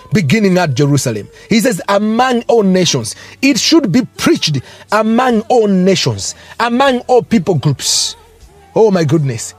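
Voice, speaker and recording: A man's voice: high voice, darkish tone, slightly rough. A man preaching a fervent sermon, breaking into tongues and rising exclamations.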